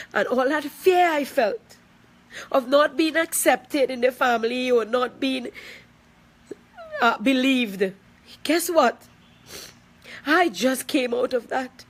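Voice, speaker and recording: A woman's voice: high-pitched, fairly bright tone. A middle-aged woman with a Trinidadian accent making an emotional personal video statement, tearful and emphatic, repeating herself for weight. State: crying at times.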